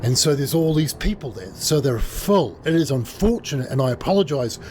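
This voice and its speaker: Man doing a calm sinister cop. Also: fairly high pitch, a little fast, a little hiss or hum. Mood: apologetic. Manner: calm, apologetic, flat menace. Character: calm, sinister male police officer.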